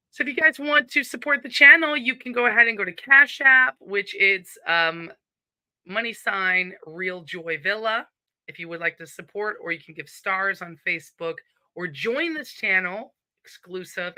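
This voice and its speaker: A woman's voice: lowish voice, pushed and bright, no echo. A woman with a Southern accent hosting a casual live stream from home, chatty and upbeat as she greets viewers and reads their comments.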